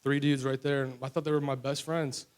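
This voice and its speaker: A man's voice: mid-range voice, little pitch movement, a little fast, clear, resonant tone. A young man from West Virginia telling his personal recovery testimony in a candid, rambling way full of fillers. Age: young adult. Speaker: testimony speaker.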